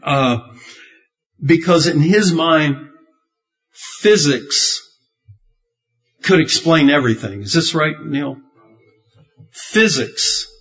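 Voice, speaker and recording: A man's voice: on the high side, lively intonation, takes it slowly, long pauses, a bit bright. A man preaching a sermon in a rambling, good-humored storytelling way, chuckling at his own jokes. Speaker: pastor. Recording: dull, muffled lo-fi sound.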